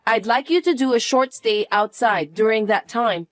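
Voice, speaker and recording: A woman's voice: fairly high pitch, normal speed, dry recording, faint music behind, lightly acted. A woman voicing a harsh young daughter-in-law, scornful and impatient, in a narrated family drama.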